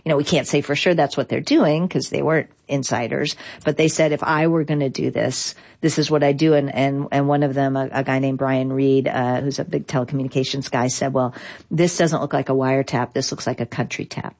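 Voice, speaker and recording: Low-voiced woman telling a story. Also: a little fast. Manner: animated storyteller, many restarts and fillers. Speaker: guest, digital rights lawyer. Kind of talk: conversational interview storytelling.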